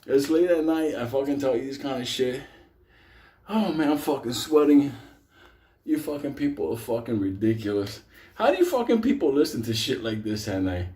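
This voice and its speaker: A man's voice: medium pitch, moderate pace. A man telling a wild personal story in a casual, rambling way, swearing constantly and breaking into laughter. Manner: profane, laughs often; animated, rambling.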